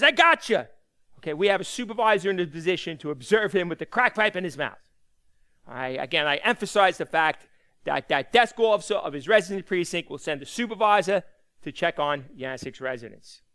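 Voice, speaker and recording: A man's voice: high voice, bright, forceful tone, clean tone. A man teaching a lecture, talking conversationally, asking the class rhetorical questions and repeating key points for emphasis. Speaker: instructor.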